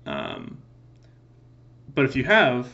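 A man's voice: medium pitch, wildly swooping pitch, slow pace, creaky, pushed and bright, muffled recording. A man giving joking let's-play commentary in a playful, goofy way, answering in mock meows. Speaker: gaming video creator.

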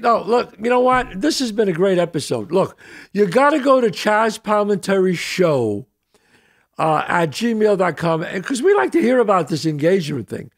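A man's voice: high-pitched, creaky. An older man hosting a podcast, telling a story in casual chat and acting out the quoted lines. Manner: animated, acts out quoted dialogue. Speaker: podcast host.

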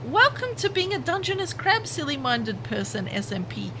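In a rough recording with a bit of hiss or hum, a high-pitched woman talks at a moderate pace while streaming a game live. She comes from the Southern Hemisphere, chats constantly, and greets her viewers by name with sudden bursts of enthusiasm.

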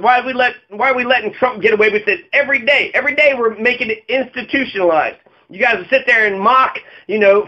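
A man's voice: high-pitched, dull audio. A man delivering a heated, profane political rant, full of sarcastic mocking asides. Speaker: political commentator. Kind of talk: ranting video monologue.

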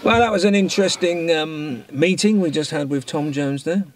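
A man's voice: a little high, moderate pace. A man co-hosting a travel vlog, chatting casually to camera in a rambling, jokey way with plenty of ums. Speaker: vlogger, channel co-host.

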